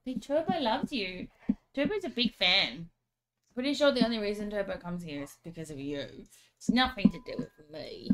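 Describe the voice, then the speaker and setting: A woman's voice: mid-range voice, sing-song, normal speed, noisy background. A woman with an Australian accent, streaming and chatting casually with viewers, playful, laughing often and baby-talking to her dog.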